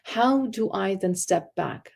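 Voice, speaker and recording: A woman delivers a conference talk on parenting with loud, excitable energy. Her tone is earnest and instructive, in a mid-range voice. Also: medium pitch, slow pace, vocal fry. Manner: animated, self-described loud and excitable; earnest, teaching tone with faith terms. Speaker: parenting speaker.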